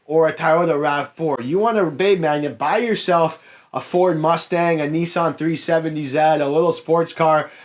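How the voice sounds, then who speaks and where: A man's voice: a little high, normal speed. Frank, chatty Canadian man. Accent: Canadian, Niagara Ontario. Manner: frank, chatty, addresses viewers as guys. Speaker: car salesman and YouTube host. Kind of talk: casual Q&A answering viewer comments.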